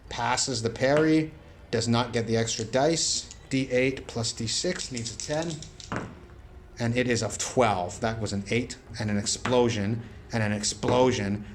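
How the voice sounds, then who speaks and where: Solo tabletop narrator, man, gravelly voice, calls dice rolls aloud, faint hiss behind. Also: medium pitch, a little slow. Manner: rolls dice aloud, bursts into shouted play-by-play. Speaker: solo game player and narrator.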